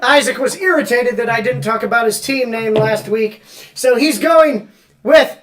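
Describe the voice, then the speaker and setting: A woman with a high, bright-sounding pitch hosts a relaxed fantasy football podcast. She runs through the weekly rankings with playful energy and teases her co-host as she goes. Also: normal speed. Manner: playful, animated, teasing. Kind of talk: casual podcast chat, reading out weekly rankings.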